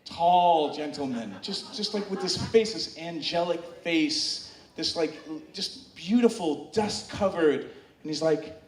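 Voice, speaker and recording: A man telling a comic story live on stage, chatty and full of fillers and restarts, bantering with the audience and getting them to shout answers back. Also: on the high side, unhurried, distant mic. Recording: echoey room, heard from off-mic.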